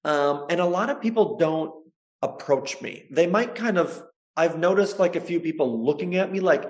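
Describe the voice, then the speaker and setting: Aussie guy with a gravelly voice, casual interview chat, lively storyteller who laughs a lot. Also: fairly high pitch, moderate pace. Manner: animated, laughs often while telling stories. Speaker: guest, chiropractor and social media creator.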